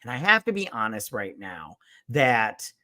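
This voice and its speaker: A man hosting a casual spoiler movie review, rambling and profane, full of fillers, who acts out lines with sudden jumps in pitch and loudness. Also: sing-song, a little slow.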